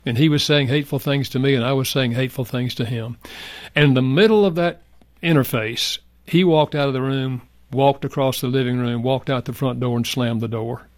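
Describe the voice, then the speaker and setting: Un homme âgé, invité d'une émission, raconte avec sincérité et douceur une histoire personnelle. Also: male voice, mid-range voice, steady tone, fairly quick, no echo. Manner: earnest, soft-spoken, reflective. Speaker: guest. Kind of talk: heartfelt personal storytelling.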